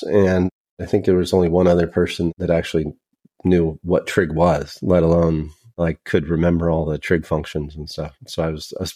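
A man with a notably low voice tells stories as a podcast guest. He talks in a loose, chatty way. He pokes fun at himself and laughs easily between thoughts. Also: a little mellow. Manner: chatty and self-deprecating, laughs while telling stories. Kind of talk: casual storytelling interview.

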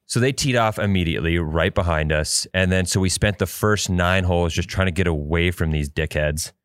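A man's voice: deep voice, a little fast, no room sound, studio quality. A man co-hosting a podcast, telling a long rambling story in casual chat and swearing freely. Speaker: podcast co-host.

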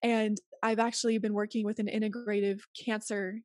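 A woman's voice: mid-range voice, level tone, fairly quick, dry recording, clean studio sound. A woman speaking as an interview guest, earnest and emphatic as she gives advice in casual conversation. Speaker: podcast guest.

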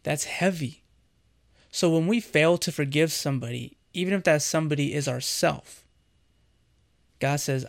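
A man's voice: fairly high pitch, normal speed, creaky, long pauses. A man giving an earnest, conversational sermon as a devotional host, speaking directly to the listener.

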